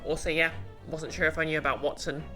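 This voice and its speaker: A woman's voice: low voice, level tone, quick pace, bright, forceful tone. A woman streaming a game, chatting casually and musing aloud over game music.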